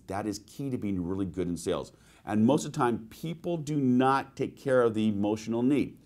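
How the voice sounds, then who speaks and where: A man's voice: medium pitch, a little mellow. A man presenting a sales training webinar, telling personal anecdotes and asking his listeners rhetorical questions.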